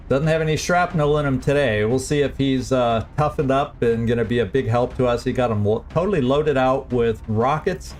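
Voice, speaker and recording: Chatty, laughing male game streamer. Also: mid-range voice. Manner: chatty, laughs often, self-deprecating. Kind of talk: casual let's-play commentary.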